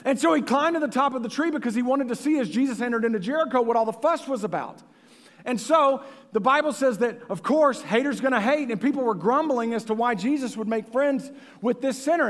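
Man, pastor preaching, high voice, lively then hushed, long church reverb. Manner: animated, folksy preaching with sudden drops to a hush. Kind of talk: sermon. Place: church sanctuary.

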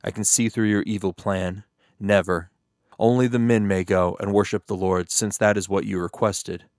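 Male reader doing a proud, stubborn king in a Bible reading; low voice, dry close mic. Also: steady tone, normal speed, darkish tone, no room sound, lightly acted. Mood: commanding.

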